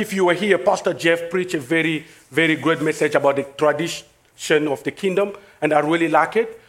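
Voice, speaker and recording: A man from Congo with a French-speaking Congolese accent, preaching a sermon emphatically, with repeated phrases that build into excited preaching. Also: on the high side. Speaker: pastor.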